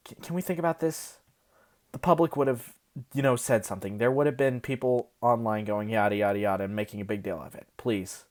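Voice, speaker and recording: A woman's voice: a bass voice, a little fast. A young woman in a profane, agitated casual rant, worked up and hysterical, recorded on a phone. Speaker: vlogger.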